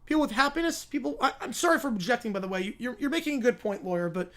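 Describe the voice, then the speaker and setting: A man's voice: very high-pitched, expressive, racing, fairly bright tone. A man doing Lionel Hutz, flustered Canadian lawyer. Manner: stammering, constantly apologizing. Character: bumbling apologetic Canadian male lawyer.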